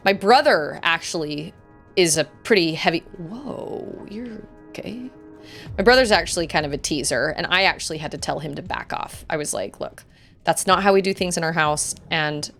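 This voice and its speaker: A woman streamer in her thirties talks casually over her gameplay, full of asides and family anecdotes. Her pitch moves a lot, and she slips into animated voices to quote people. Faint game music plays behind her.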